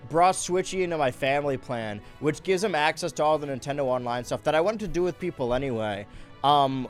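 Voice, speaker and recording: A young man hosting a joke news show, with a jokey, excitable mock-newscaster delivery. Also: medium pitch. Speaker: host.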